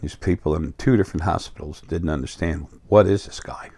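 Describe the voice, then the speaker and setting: A man's voice: low-pitched, a little fast, warm tone, no echo. A middle-aged man with a New York accent talking in a rambling, casual monologue full of fillers and restarts. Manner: meandering, many fillers and restarts. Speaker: spiritual video host.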